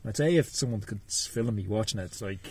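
A middle-aged Irish man, a podcast guest, telling animated stories and acting out his inner voices in casual chat. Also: on the low side, fast talker, breathy edge. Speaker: podcast guest, cycling coach.

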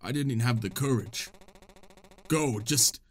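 A man voicing a grave, brooding male knight from a video game, reading the lines slowly and solemnly. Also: mid-range voice, voice pushed down, close to an everyday voice. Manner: slow, solemn, dramatic reading.

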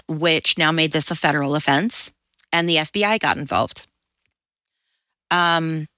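A woman's voice: sits low, sharp tone, no room sound, rough recording. A woman in her forties, a podcast guest, vividly telling a personal story and acting out the voices she quotes. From Washington State, USA.

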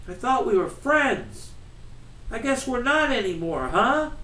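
A man's voice: very high voice, big pitch swings, unhurried, pushed and bright, voice pushed up, heavily acted. A man reading as an earnest teenage boy. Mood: hurt. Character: friendly teenage boy, hurt and puzzled. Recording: roomy, from far off.

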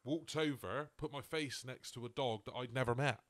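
Brief: male co-host, mid-pitched, chatty storyteller who acts out quotes. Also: normal speed, dry recording. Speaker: podcast co-host. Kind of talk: casual chat.

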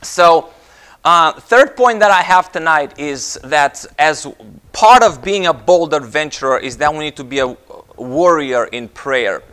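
A man preaching a sermon, telling jokes and stories in an animated way. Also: measured pace, clean tone. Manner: storytelling with jokes, animated rises in pitch.

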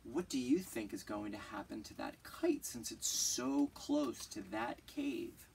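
A teacher reading a picture book aloud to children, pausing to point at pictures and ask gentle questions. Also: mid-range voice, animated, recorded from a distance, slight background noise.

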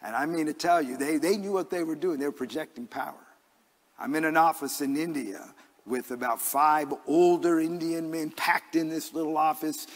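A man with a notably high speaking voice preaches a sermon in an earnest, conversational manner. His words carry a long, lingering reverb from the church sanctuary. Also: moderate pace. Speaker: pastor. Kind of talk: sermon with personal stories.

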